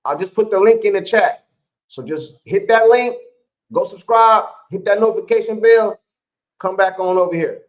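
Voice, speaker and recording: A man's voice: high-pitched, normal speed, dull audio. A man co-hosting a live sports stream, chatting casually in slang with his viewers and laughing often.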